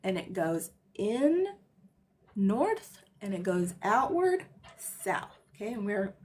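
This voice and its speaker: A woman hosting a casual livestream monologue, rambling and emphatic, tagging lines with "okay?" and swinging between loud bursts and hushed asides. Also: medium pitch, big pitch swings, takes it slowly. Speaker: host.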